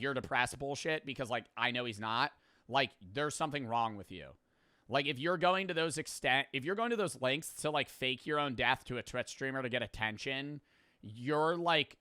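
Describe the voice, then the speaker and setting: A man's voice: medium pitch, expressive, moderate pace, bright, forceful tone, no echo. A young man who streams, talking bluntly and casually with lots of fillers and swearing. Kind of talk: casual storytelling and reflection.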